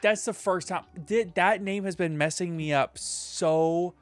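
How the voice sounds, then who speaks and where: A man hosts a laid-back podcast, joking around and rattling off sponsor reads and long lists of names. His voice sits a little high, with faint music underneath. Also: unhurried, dry recording. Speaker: podcast host.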